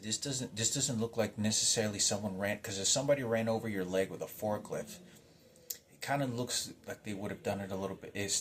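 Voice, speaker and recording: A man with a fairly low voice tells a personal story in a loose, rambling monologue. He trips over his words, restarts his sentences and swears often, and the emotion stays close to the surface. A faint room ambience sits behind him. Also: a little hiss or hum. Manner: agitated, rambling, heavy swearing.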